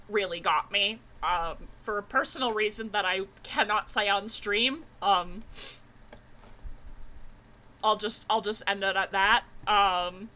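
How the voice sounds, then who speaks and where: Bright, chatty young streamer. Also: mid-range voice. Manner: chatty, effusive, greets viewers. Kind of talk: live game stream chat.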